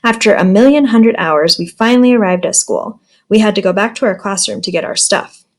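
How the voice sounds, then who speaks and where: A woman's voice: mid-range voice, fairly quick. A woman teacher reading a children's storybook aloud in a friendly, plain manner.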